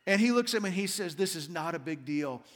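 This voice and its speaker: Middle-aged male pastor, higher-pitched voice, storytelling sermon, reverberant church hall. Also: expressive. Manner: storytelling, slows down for emphasis on scripture. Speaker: senior pastor. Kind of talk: Christmas sermon. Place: large church auditorium.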